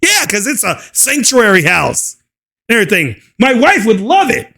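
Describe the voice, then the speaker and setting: A man's voice: high voice, wildly swooping pitch, moderate pace, creaky, pushed and bright, breathy edge. A man hosting his own channel, delivering a mocking, scornful rant and laughing often. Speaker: channel host. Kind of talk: ranting commentary video.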